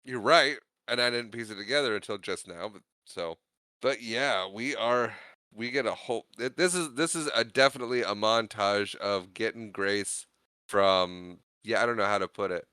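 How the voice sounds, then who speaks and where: A man co-hosting a podcast, recapping a movie in casual chat, laughing often and slipping into quick character voices. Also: lowish voice, sharp tone, clean tone, no room sound. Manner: chatty, laughs often, does quick character voices while retelling scenes. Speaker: podcast co-host.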